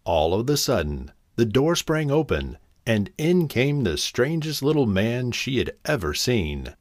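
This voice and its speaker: A man narrating a fairy tale in an expressive, animated reading. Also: medium pitch, a little slow, no room sound, studio quality. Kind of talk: storybook narration.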